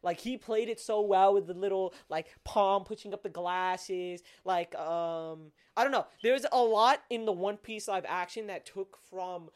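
A man's voice: sits high, unhurried, hardly any pauses, smooth. A man co-hosting a podcast in casual chat, rambling and slangy, full of "like" and "bro". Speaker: podcast co-host.

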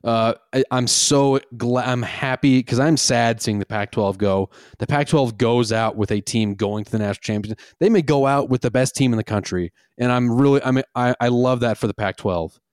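A man's voice: mid-range voice, normal speed, few pauses, a little mellow, smooth, no room sound, clean studio sound. A man co-hosting a casual sports podcast, talking earnestly and thinking aloud with restarts. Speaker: podcast co-host.

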